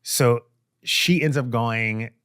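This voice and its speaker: A man guesting on a chat show, telling a long story with a profane, animated flair. His voice sits at a middle pitch and sounds dry and close, with no room around it. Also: slow, clear, resonant tone, no echo.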